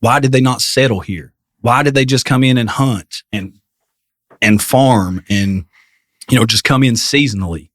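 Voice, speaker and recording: A man's voice: mid-range voice, normal speed, fairly bright tone, dry recording, studio quality. A man appearing as a guest on a podcast, talking earnestly and posing rhetorical questions in casual conversation.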